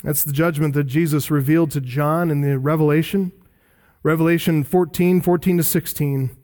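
A male preacher delivering a sermon, emphatic, rising for stress and dropping low for weight. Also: fairly even intonation, normal speed. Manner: emphatic, swinging between loud rises and low drops.

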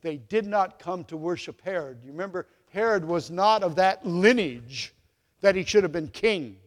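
A man with a high voice preaches in a church, telling a story and voicing its characters as he goes. He swings between loud declarations and quiet asides. His voice rings out with the long reverb of a large hall. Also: lively intonation, normal speed. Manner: storytelling, acts out the quoted dialogue with big swings in loudness. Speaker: pastor. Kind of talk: sermon.

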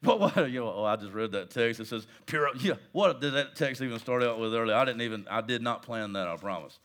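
A man preaching a sermon who swings between soft, quiet asides and shouted points, acting out his listeners' voices and joking with them. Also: medium pitch, expressive, fairly quick. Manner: acts out listeners' voices and jokes with the crowd. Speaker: pastor.

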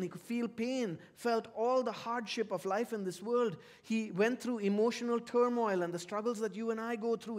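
A male pastor preaching a sermon in an earnest voice, rising to loud emphasis and dropping to hushed low tones.

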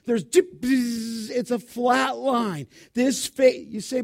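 A pastor preaching an expository sermon, emphatic, posing rhetorical questions and answering them himself. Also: male voice, very high voice, slow, creaky, few pauses, a little mellow. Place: church.

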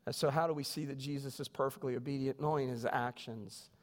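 A man, a pastor, preaching a sermon with animated storytelling. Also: mid-range voice, fast talker. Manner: animated storytelling, voices quoted people. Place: church sanctuary. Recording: long reverb of a church hall.

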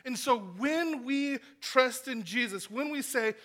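A man preaching a sermon in an earnest style, rising to loud emphasis and dropping to hushed, near-whispered lines. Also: very high voice, lively intonation, unhurried, few pauses. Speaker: pastor.

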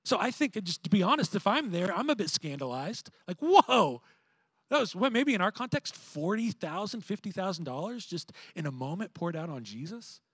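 A man preaching a sermon, moving between animated emphasis and hushed, reflective passages. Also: high-pitched, fairly quick, hardly any pauses, slightly rough, no room sound. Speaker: pastor.

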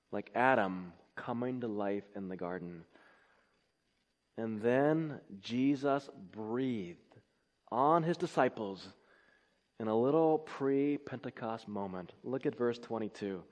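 A man preaching a sermon, reading scripture and building to emphatic, rising exclamations. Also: medium pitch. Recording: long hall reverb.

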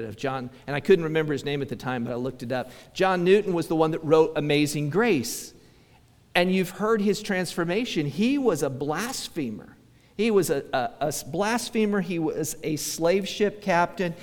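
A man's voice: fairly high pitch, long reverb tail. A male pastor preaching a conversational sermon, acting out quoted voices and often restarting his sentences.

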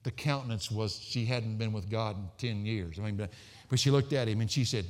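A middle-aged male pastor preaching a sermon, emphatic and swinging from loud sarcastic peaks down to quiet low endings. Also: very animated, normal speed. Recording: hall reverb.

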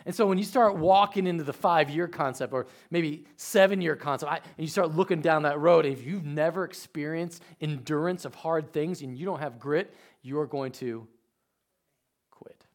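Man, pastor, sermon, storytelling, fairly high voice, swings from hushed to shouting. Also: normal speed.

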